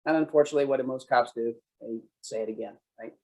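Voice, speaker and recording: A man's voice: medium pitch, fairly even intonation, fast, hardly any pauses, darkish tone, poor audio. A man presenting a police training session, conversational, acting out sample phrases. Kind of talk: conference presentation.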